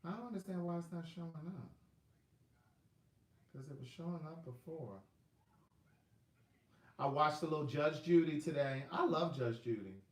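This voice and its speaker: A talkative man with a Southern US accent chats with his viewers on a live stream, wandering from story to story as he looks at his phone. His voice sits a little higher than most men's. The sound bounces around an echoey room. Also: moderate pace, long pauses. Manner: chatty, rambling, talks to viewers by name while checking his phone. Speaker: livestream host selling books. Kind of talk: casual live chat with viewers.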